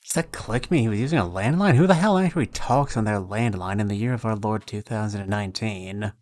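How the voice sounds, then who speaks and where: A man's voice: lowish voice, a little fast, darkish tone, no echo. A man streaming a game playthrough, reading its dialogue with dry, sarcastic commentary.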